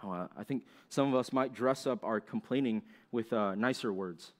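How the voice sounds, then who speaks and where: A man's voice: fairly low pitch, moderate pace. A young man giving a sermon to young listeners. He talks conversationally, asks them questions and briefly acts out complaining voices.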